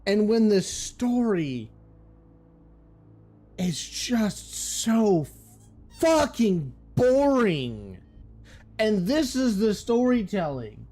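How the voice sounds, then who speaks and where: A man's voice: high-pitched, big pitch swings, very slow, pauses often, dark tone. Exasperated, swearing male game streamer. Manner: profane, exasperated ranting. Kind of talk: casual gaming commentary.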